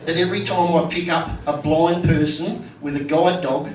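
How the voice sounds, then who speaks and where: A somewhat high-voiced Australian man performing stand-up with crude, deadpan punchlines. He is recorded from a distance in an echoey venue, with loud ambient noise around him. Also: normal speed. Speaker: stand-up comedian and vlogger. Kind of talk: stand-up comedy set. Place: comedy venue stage.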